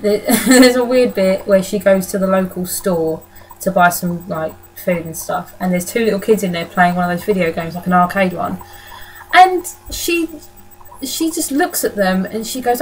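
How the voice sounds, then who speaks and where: A woman's voice: medium pitch, a little hiss or hum, poor audio. A woman giving a casual, rambling film review indoors, swearing freely and laughing often. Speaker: movie reviewer. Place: indoor room.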